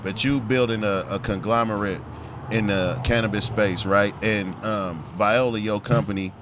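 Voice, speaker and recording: A man's voice: fairly low pitch, steady tone, normal speed, background noise. A man hosting a podcast, laid-back and conversational, setting up questions to his guest. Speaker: podcast host. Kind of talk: casual podcast chat.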